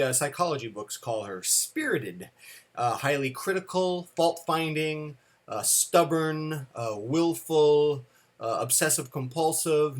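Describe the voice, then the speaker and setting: Rambling, self-deprecating man in his fifties. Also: medium pitch. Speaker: vlogger, storyteller. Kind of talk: casual storytelling monologue. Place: at home. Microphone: camera.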